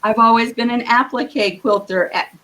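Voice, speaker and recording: A woman giving earnest, encouraging quilting advice as a guest on a live video call, with a husky morning voice. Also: a little high, fairly even intonation, moderate pace, sharp tone, rough recording. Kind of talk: live-streamed advice talk.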